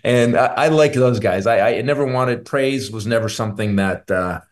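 A man's voice: mid-range voice, normal speed. A middle-aged man, a stand-up comedian, telling candid, rambling stories as a guest on a radio interview.

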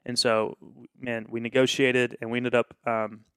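Pastor, man, smooth voice, dry recording; casual storyteller who plays out the dialogue. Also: mid-range voice, moderate pace, no room sound. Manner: animated, acts out quoted dialogue.

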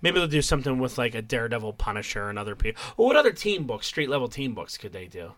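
Man, podcast co-host, casual chat, animated, bright tense voice. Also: medium pitch, fast talker, no echo. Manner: animated, acts out characters in exaggerated voices.

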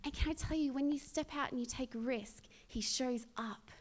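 A woman's voice: high-pitched, moderate pace. Earnest young woman giving a sermon. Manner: earnest and conversational, with many restarts and lively swings in energy. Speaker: speaker at a church. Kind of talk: sermon with personal testimony.

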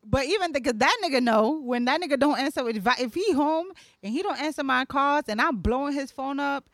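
A woman co-hosting a podcast in casual chat, loud and profane, laughing and acting out voices. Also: high voice, lively intonation, fairly quick, dry recording, clean studio sound. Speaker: podcast co-host.

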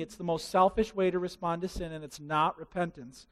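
A male pastor preaching a sermon in an animated way, acting out quotes and everyday scenarios. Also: high voice, normal speed, few pauses, big-room sound.

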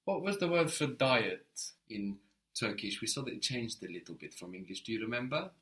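A man teaching a one-on-one language lesson, explaining patiently and often checking with a quick question. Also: medium pitch, expressive, a bit bright.

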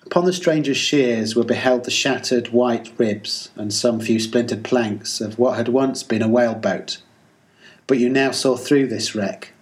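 A man narrating a classic sea novel in an even, measured storytelling manner. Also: mid-range voice. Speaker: audiobook reader. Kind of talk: literary audiobook narration.

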